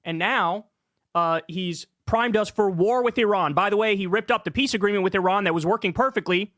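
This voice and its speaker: A man's voice: high-pitched, fairly bright tone, dry recording, clean studio sound. A man giving heated, sarcastic political commentary as a streamer. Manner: angry, sarcastic, rapid ranting.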